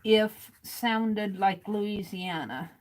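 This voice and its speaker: Slow, chuckling woman livestream host. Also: mid-range voice, rough recording. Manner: chuckles often, thinks aloud, restarts sentences. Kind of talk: casual livestream chat, reading viewer comments aloud.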